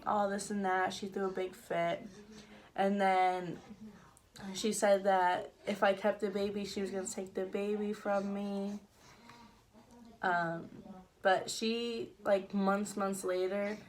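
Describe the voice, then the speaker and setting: A woman's voice: medium pitch, steady tone, slow pace. A young woman vlogging, telling a personal story casually, with frequent fillers and the odd laugh. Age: young adult. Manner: chatty, laughs now and then, many fillers.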